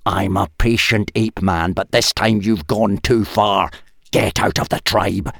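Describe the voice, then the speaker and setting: A gruff ape-man leader, as a man reading a story puts him on, stern and growling. The voice stays low, close and dry. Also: steady tone, measured pace, dry recording.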